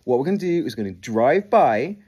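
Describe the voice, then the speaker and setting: An English man voicing a calm, businesslike police officer giving instructions. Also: mid-range voice, fairly quick, breathy edge, pitched above the performer's own voice. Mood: matter-of-fact. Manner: calm, matter-of-fact.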